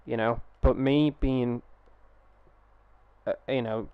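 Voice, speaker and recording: A man's voice: medium pitch, fairly even intonation, slow, clear, resonant tone, dry recording, narrow, tinny audio. A young man chatting casually on a live gaming stream through a headset, rambling, swearing freely and restarting his sentences.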